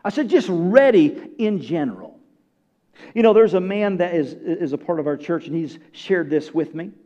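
A pastor preaching a sermon to his congregation. He swings between loud, raised bursts and hushed, low phrases, and calls out to the listeners. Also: animated, normal speed, lo-fi sound.

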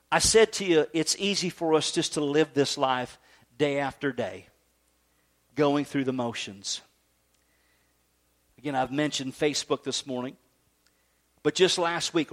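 A man preaching a sermon, swinging between emphatic high peaks and low, soft stretches. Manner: animated preaching, rising to emphatic highs then dropping low and soft. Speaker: pastor.

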